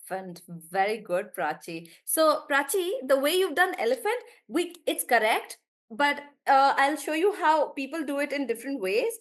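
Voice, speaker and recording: A woman with a high, sing-song voice at normal speed teaches English in a live online class. Encouraging and talkative, she praises students by name and laughs often between explanations.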